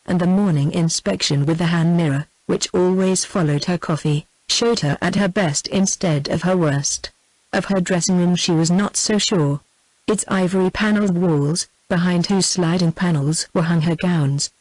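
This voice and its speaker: A woman's voice: on the low side, dry recording, rough recording. Synthetic British woman reading evenly. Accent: British English. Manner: even, measured text-to-speech reading. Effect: synthetic text-to-speech voice. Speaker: audiobook narrator. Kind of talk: scripted narration.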